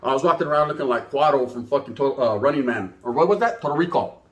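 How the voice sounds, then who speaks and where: A man's voice: medium pitch, quick pace. A man from California, telling a comedic street story with heavy slang and acting out every character. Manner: animated, acts out voices, heavy Chicano slang. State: out of breath.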